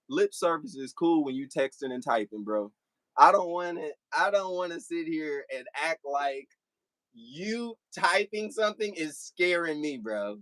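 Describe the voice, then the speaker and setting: A man's voice: high-pitched, fairly bright tone, dry recording. Blunt young man talking back to chat. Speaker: livestreamer. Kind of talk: casual livestream talk to commenters.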